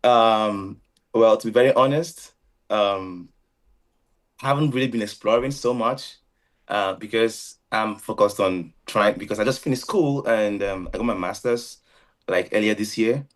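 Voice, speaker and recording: A man in his thirties from Nigeria with a Nigerian accent, speaking politely and softly as a contestant. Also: fairly low pitch, a little slow. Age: 30s. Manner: polite, soft-spoken. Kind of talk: casual chat.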